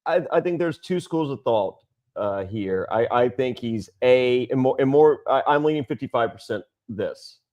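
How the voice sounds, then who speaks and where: A man co-hosting a casual wrestling chat show, telling stories with lots of laughs and putting on squeaky voices for quotes. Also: normal speed. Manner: lively storyteller, laughs often, does high squeaky voices for quotes. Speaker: podcast co-host.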